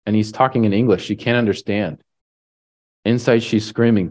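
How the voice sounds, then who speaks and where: A man's voice: on the low side, steady tone, normal speed, a little mellow. A man preaching a sermon, retelling a story in a casual way with lots of "like" and "right?". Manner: casual, filler-heavy retelling with frequent "like" and "right?".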